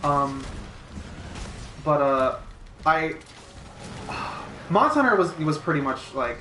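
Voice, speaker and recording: A man's voice: on the high side, very animated, bright, forceful tone, slight background noise. A young man who is a guest on a casual gaming podcast, speaking hesitantly with many ums and restarts while he plays. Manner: hesitant, halting speech full of ums while playing a game. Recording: echoey room.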